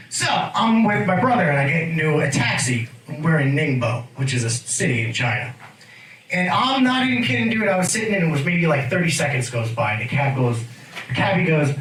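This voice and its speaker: An American man performing a stand-up comedy set, animated and joking, laughing at his own lines. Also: on the high side, fairly quick. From United States. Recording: echoey club room, distant mic, noisy.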